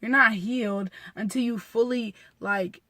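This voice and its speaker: A woman's voice: on the high side, steady tone, measured pace, bright, forceful tone, no room sound. A young woman talking earnestly and heartfelt in a casual personal vlog, rambling with many fillers. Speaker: vlogger. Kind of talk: candid personal vlog talk. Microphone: phone.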